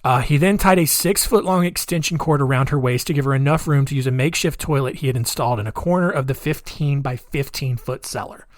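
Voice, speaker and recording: A man's voice: medium pitch, a little fast, few pauses, no room sound. Chatty male true-crime podcast host. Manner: conversational, with filler-heavy asides. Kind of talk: casual true-crime storytelling.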